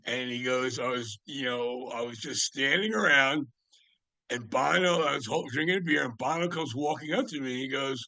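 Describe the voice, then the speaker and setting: Gravelly older man telling rambling stories. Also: medium pitch, expressive, normal speed, pushed and bright, dry recording. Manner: rambling, with many fillers and restarts. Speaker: guest, music writer. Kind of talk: casual anecdotal storytelling.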